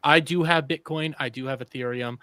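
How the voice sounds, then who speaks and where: A man's voice: fairly high pitch, steady tone, a little fast, sharp tone, clear, resonant tone, no room sound. A man co-hosting a casual podcast, talking in a profane, emphatic way. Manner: profane, emphatic, mocks scam ads in a put-on voice. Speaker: podcast co-host.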